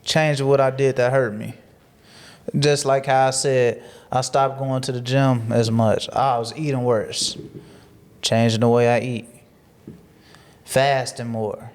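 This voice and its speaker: A man who is a guest on a casual podcast, talking in a preachy, motivational way, repeating phrases for emphasis and growing animated as he tells stories. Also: mid-range voice, clean tone.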